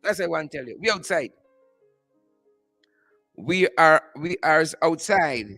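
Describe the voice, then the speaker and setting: A man with a Guyanese accent hosting a live stream from outdoors, repeating upbeat shout-outs to his viewers by name. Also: a little high, expressive, unhurried, gravelly, dry recording, studio quality, soft background music. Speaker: host.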